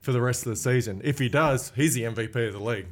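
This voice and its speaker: A man on a basketball podcast listing game stats in a steady, casual way with dry jokes. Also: medium pitch, quick pace. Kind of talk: casual sports chat.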